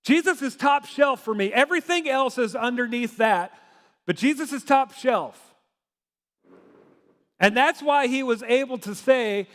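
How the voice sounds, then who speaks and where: A man preaching with a very high, light voice, conversational and emphatic, hammering his points with repeated phrases. His sermon rings out with a long reverb, as if it were recorded in a big church sanctuary. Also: expressive, measured pace, pauses often, fairly bright tone. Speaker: pastor.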